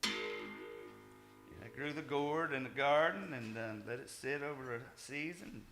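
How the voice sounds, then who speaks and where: An older man, a folk musician, talking casually and haltingly at a music gathering, with many fillers and restarts. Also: a little high. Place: music festival stage, roomy hall. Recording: roomy hall with instrument playing.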